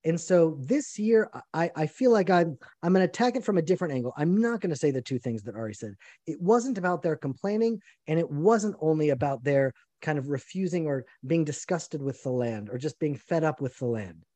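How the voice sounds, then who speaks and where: Man, Bible teacher, animated storyteller, chatty, dry close sound. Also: fairly high pitch, fairly quick, hardly any pauses, no echo. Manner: lively anecdotal storytelling, chatty. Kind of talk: live online Bible teaching.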